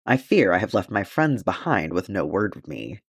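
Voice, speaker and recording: A man's voice: low-pitched, big pitch swings, moderate pace, creaky, slightly rough, no echo, studio quality, full character voice. A man reading the part of a courteous, stalwart male dwarf warrior in an audiobook, in formal, gallant speech.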